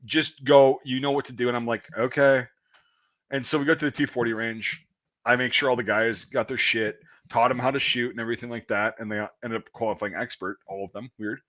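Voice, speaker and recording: A man's voice: medium pitch, steady tone, quick pace, bright, forceful tone. A man in his thirties telling profane, rambling army stories in casual chat. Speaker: podcast host. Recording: dull lo-fi audio.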